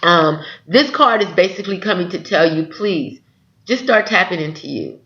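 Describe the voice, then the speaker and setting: A man's voice: sits high, lively intonation, normal speed, pushed and bright, lo-fi sound. A man giving a spiritual tarot reading to his viewers, earnest and encouraging, often checking in with "okay?". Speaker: tarot reader.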